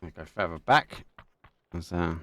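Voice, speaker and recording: Calling an esports game live, this young man speaks with an Essex English accent and comes from Essex, England. His slightly low voice turns excitable, rushing out in short bursts full of casual slang.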